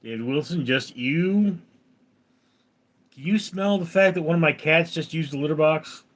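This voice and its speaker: A man's voice: on the high side, normal speed. A man in his forties hosting a casual livestream, reading out viewer comments and answering them dryly. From California. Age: 40s. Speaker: livestream host reading chat.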